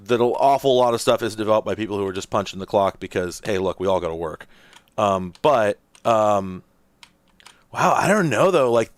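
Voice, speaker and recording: A man's voice: lowish voice, no echo. A man hosting a casual let's-play, rambling and thinking aloud with lots of fillers as he plays. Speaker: host.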